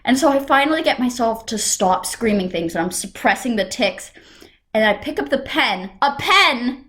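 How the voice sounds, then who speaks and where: A young woman from the United States telling a casual storytime vlog at home, animated and quick to burst into sudden shouts. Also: a little high. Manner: animated, breaks into sudden loud shouts and whispers. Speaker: vlogger. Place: home room.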